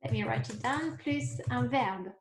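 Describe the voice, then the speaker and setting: A woman teaching a beginners' lesson, explaining slowly step by step and checking in with the class. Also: a little high, expressive, echoey room, slight background noise. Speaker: French teacher. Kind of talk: recorded online lesson.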